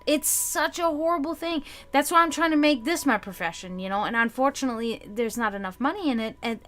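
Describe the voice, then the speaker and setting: A woman's voice: high voice, brisk, fairly bright tone. A young woman hosting a livestream, talking casually to her chat and ranting in frustration with frequent swearing. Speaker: livestream host.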